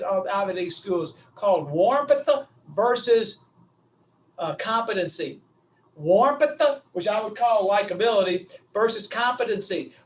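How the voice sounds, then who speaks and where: A man giving a motivational webinar talk, telling stories in an animated way that swings from loud to quiet. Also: very high-pitched, far from the mic, poor audio. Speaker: speaker.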